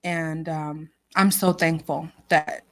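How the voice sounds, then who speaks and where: A woman's voice: low voice, flat delivery, takes it slowly. A woman hosting a casual livestream chat, laughing often and reading out viewer comments with lots of emotion. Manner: reads out viewer comments and names. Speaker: livestream host.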